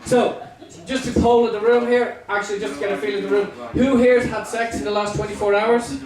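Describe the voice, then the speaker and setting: A Dublin Irish comedian in his forties works the room with a teasing, chatty delivery. His voice sits fairly high, captured from a distance in a very echoey club. The crowd can be heard around him. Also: steady tone, brisk, a little mellow. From Ireland. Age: 40s. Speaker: stand-up comedian. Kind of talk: stand-up comedy with crowd work. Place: comedy club with a live audience. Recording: echoey room, far from the mic, crowd noise.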